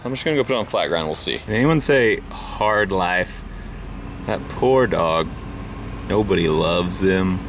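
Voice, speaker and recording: A man's voice: sits low, lively intonation, unhurried. A man vlogging in a casual, joking and self-mocking way while working on his trucks outdoors. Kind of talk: casual vlog talk. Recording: outdoor camera audio with noise.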